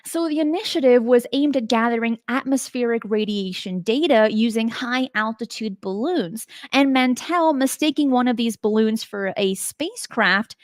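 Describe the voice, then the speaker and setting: Woman host, kinda high voice, chatty and emphatic, asks you stuff, dry close mic. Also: moderate pace, hardly any pauses, no room sound. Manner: chatty and emphatic, asks the listener rhetorical questions. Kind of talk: casual spoken narration of paranormal cases.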